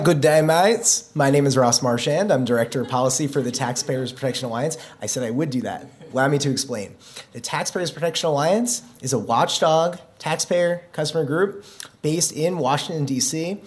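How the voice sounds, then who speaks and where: A man giving a humorous, conversational policy speech at a conference, with self-deprecating jokes. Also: on the high side. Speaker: conference speaker, policy director. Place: conference venue.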